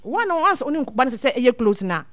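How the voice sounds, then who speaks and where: A woman's voice: on the high side, big pitch swings, brisk, a bit bright, no echo, studio quality. A woman, speaking as a guest who gives earnest advice to parents in a casual talk. She often repeats words while she thinks. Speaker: guest speaker on child welfare. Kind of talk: casual advice talk mixing two languages.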